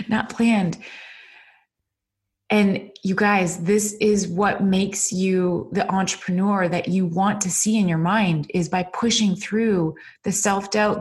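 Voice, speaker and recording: A middle-aged woman hosting her own podcast, talking off the cuff in an earnest, emotional motivational monologue full of fillers and repeated "you guys". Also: fairly low pitch. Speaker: podcast host and business coach. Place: indoors at a computer. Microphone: computer mic.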